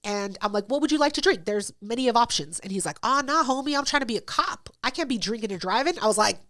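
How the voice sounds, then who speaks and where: A woman's voice: on the high side, animated, quick pace, fairly bright tone. A woman hosting a podcast, telling a story in casual, profane chat and acting out both sides of it. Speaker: podcast host.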